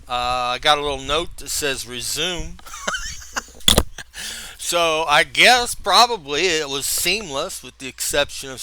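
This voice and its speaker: A middle-aged man hosting a rambling, self-mocking podcast from home, goofy and excitable, laughing at himself. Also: on the high side. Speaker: podcast host. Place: home room. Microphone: camera mic.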